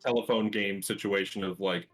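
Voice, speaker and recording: Casting note: lower-pitched man, eager run-on guest talk, faint music under. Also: steady tone. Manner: quick, enthusiastic, run-on sentences. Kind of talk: casual chat.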